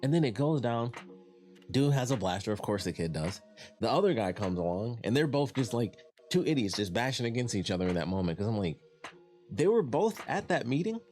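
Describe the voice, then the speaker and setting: A man's voice: mid-range voice, sing-song, fairly quick, darkish tone, faint music behind. A young man from Detroit reviewing a TV show in a casual, rambling way, full of fillers and restarts. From Detroit, USA. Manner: rambling, repeats words and restarts, many fillers.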